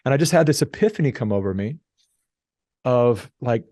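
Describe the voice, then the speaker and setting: Animated male storyteller, dry close mic. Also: mid-range voice, moderate pace, no echo. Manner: animated storyteller, acts out quoted voices. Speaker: podcast guest. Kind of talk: casual storytelling interview.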